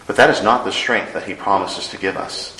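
A man preaching a sermon, earnest, rising to loud emphasis and dropping to hushed lines. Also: lowish voice, brisk, roomy sound, a little hiss or hum, low-quality recording. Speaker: pastor.

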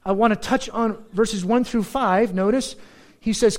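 A man with a high-pitched voice delivers a sermon. He slows right down to lean on key words, then rushes through quick, animated asides. He sounds middle-aged. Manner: animated, shifts between slow emphatic phrasing and quick asides. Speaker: pastor.

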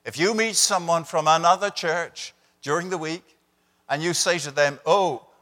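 Older preacher in reverberant church. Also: male voice, on the high side, moderate pace, pushed and bright. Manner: conversational preaching with dry humor. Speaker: visiting preacher. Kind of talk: sermon. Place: church sanctuary.

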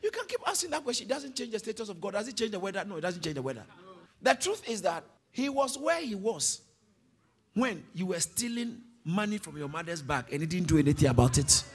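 A man preaching a sermon to a congregation, swinging from soft explanation to loud calls for the crowd to read aloud. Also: high voice, very animated, brisk. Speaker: pastor. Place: church hall with congregation.

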